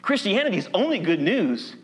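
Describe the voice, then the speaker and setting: Lively, high-voiced male preacher in a reverberant hall. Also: a little fast. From Appalachia. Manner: lively, folksy, humorous preaching. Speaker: pastor. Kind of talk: sermon. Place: church sanctuary.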